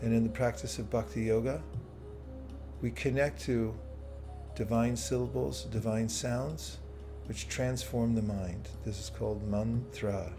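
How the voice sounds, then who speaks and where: A man teaching bhakti yoga, guiding a slow, soothing meditation. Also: medium pitch, fairly even intonation, gravelly. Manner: slow, soothing guidance with playful asides. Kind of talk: guided meditation with live chat. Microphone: streaming setup, own audio controls. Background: soft soothing music.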